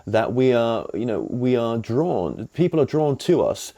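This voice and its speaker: A man's voice: mid-range voice, very animated, a little slow, dark tone. A man hosting an interview, rambling a little with frequent restarts. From England. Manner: rambling, many restarts and fillers. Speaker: host. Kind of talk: interview host chat.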